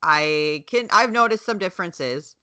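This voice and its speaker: Woman, light Southern accent, bright voice, blunt and swears a lot, dry close mic, casual podcast chat. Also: fairly low pitch, expressive, a little slow, no echo. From American South. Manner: frank, swears freely, laughs often. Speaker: podcast co-host.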